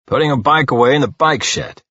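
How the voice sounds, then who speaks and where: A man's voice: medium pitch, brisk, sharp tone, no room sound, muffled recording. A man voicing a stubborn, grumpy older man who speaks curtly and condescendingly. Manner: curt, condescending.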